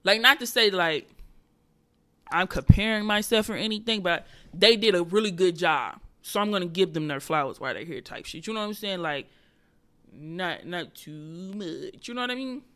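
A young woman comedian hosting her own podcast, telling a story in a casual, profane, animated way. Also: on the low side, normal speed.

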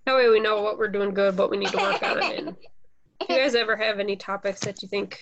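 A woman's voice: mid-range voice, quick pace, lo-fi sound. A woman co-hosting a podcast in casual chat, talking loosely and laughing often. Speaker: podcast co-host.

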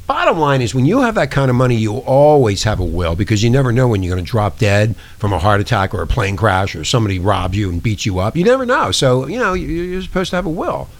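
A talk show host man with a swinging, animated voice at a middling pitch. He rants profanely and conspiratorially from a small studio. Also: fast talker, few pauses. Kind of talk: casual talk show monologue.

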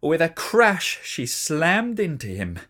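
A storyteller reading a children's story aloud in an expressive, animated way. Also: mid-range voice, slow pace.

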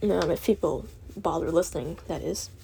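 A woman's voice: lowish voice, normal speed, gravelly, warm tone, slightly rough. A teenage girl rambling through a monologue with lots of filler words and swearing, putting herself down as she talks. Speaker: student vlogger.

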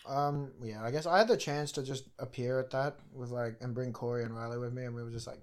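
A young man co-hosting a podcast, telling stories in casual chat with lively, sweary delivery. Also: medium pitch, fast, hardly any pauses, smooth. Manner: animated storytelling with swearing. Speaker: podcast co-host.

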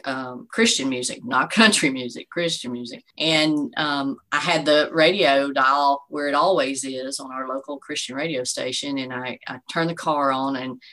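Her register is deep but her tone bright and forceful as this bereaved mother in her forties tells her story as an interview guest. The heartfelt, faith-filled testimony comes at normal speed in a steady tone with hardly any pauses and lots of "you know," on poor audio.

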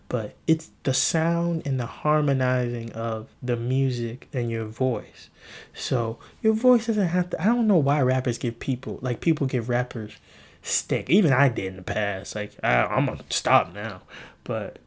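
Man, podcast host, casual solo monologue, rambling, playful, jokey musings, acts out quoted voices. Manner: rambling, playful, jumps between jokes and musings; acts out quoted voices with big pitch jumps.

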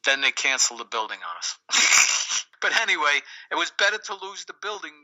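A man who owns a pest control company, telling an animated story about a difficult customer in casual chat. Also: fairly high pitch, fairly quick, heavy background noise. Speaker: business owner.

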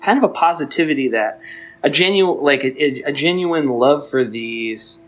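A man's voice: mid-range voice, animated, normal speed, faint music behind, rough recording. A man in casual chat about a film, laughing often and stumbling over restarts as he talks. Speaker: podcast guest.

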